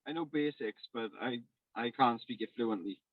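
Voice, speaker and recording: A man's voice: medium pitch, normal speed. Man from Wales on a tinny call. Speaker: interview guest.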